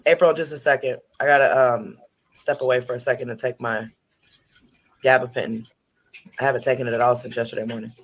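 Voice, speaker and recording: A woman's voice: a bass voice, fairly even intonation, brisk, pauses often. A woman hosting a casual livestream, chatting and swearing freely with her viewers. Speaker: livestream host.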